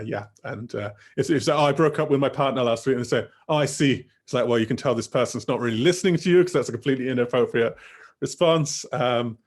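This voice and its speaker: A young man giving a teacher-training talk over a video call, casual and rambling with many fillers. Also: medium pitch. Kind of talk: online workshop talk.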